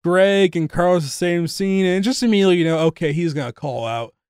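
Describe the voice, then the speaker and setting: A man chats as a podcast guest and works through a film's plot in halting sentences that restart over and over. His voice is slightly higher than most men's, smooth and resonant, and recorded dry and close. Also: a little mellow, dry recording. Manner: halting, restarts often, sweary. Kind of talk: casual film-recap chat.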